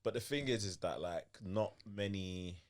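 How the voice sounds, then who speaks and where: A young man, a podcast guest talking in a laid-back, measured way. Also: lowish voice, very noisy. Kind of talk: casual chat.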